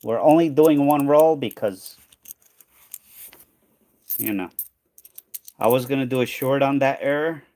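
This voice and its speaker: A man speaks unhurriedly in a medium-pitched, dark voice, with long pauses and a dry recording. Hosting a coin hunting channel, he sorts coins during a casual livestream, musing aloud and trailing off, exhausted and losing his voice.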